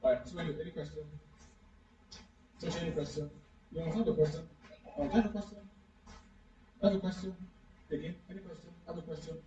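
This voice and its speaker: A man's voice: a little high, fairly even intonation, fast, pauses often, mellow. Male pastor, interactive sermon, keeps pressing the congregation with questions; echoey hall, dull sound. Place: church hall. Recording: echoey, distant, dull room recording.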